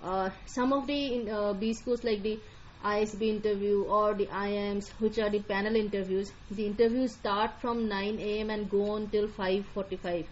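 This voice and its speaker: A woman's voice: mid-range voice, steady tone, moderate pace, highs cut off, slight background noise. A woman with an Indian accent, an admissions counselor giving a live online lecture in a directive way, repeating her key points.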